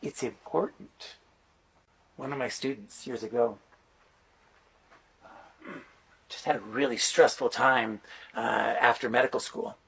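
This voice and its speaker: A man's voice: medium pitch, unhurried, vocal fry, pauses often, breathy edge. A middle-aged man giving a conference talk, telling stories in a chatty way with lots of fillers. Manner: animated, chatty storyteller with many fillers. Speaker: conference speaker and teacher.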